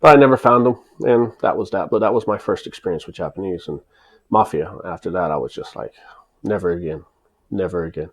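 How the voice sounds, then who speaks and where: A man's voice: low voice, fast talker. An American man telling a personal story in a casual, emphatic way, full of restarts. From United States. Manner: emphatic, rambling with many restarts. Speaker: vlogger recounting his life in Japan.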